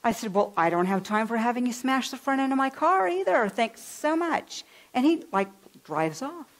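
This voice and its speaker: Woman minister from California, lively storytelling sermon delivery. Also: a little high, a little fast, poor audio. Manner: animated, acts out voices in her stories. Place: church.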